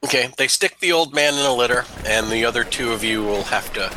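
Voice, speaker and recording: A man's voice: medium pitch, brisk, pushed and bright, rough recording. A man narrating a tabletop game as game master, rambling with many fillers.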